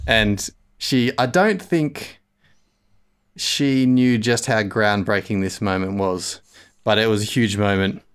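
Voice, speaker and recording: A man's voice: fairly low pitch, slow pace, smooth. Rambling, self-mocking man in his thirties. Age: 30s. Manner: rambling, animated, self-mocking, laughs often. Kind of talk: casual storytelling chat.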